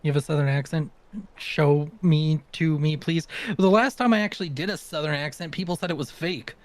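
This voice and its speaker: A man's voice: on the high side, brisk, dry recording. A man from the American South, chatting and teasing casually on a live stream, laughing often.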